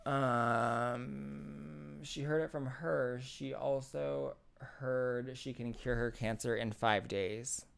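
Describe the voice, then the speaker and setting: A man's voice: mid-range voice, fairly even intonation, very slow, vocal fry, clear, resonant tone. A man hosting a casual livestream, reading out chat and reacting sarcastically, laughing and repeating himself. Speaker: streamer host reading chat. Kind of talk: casual live-stream commentary.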